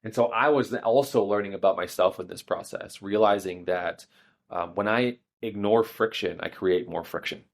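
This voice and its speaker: A man's voice: fairly low pitch, moderate pace. A man, a relationship coach, talking through a personal story in a candid, reflective solo podcast monologue. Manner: candid, reflective storytelling with self-deprecating laughs.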